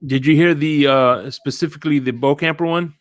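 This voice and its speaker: A man's voice: fairly high pitch, fairly even intonation, a little fast, no echo, clean studio sound. A man hosting a casual sports podcast, rambling through stories and greeting viewers as he goes. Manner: rambling, greets live chat viewers, tells stories with quoted voices. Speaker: podcast host.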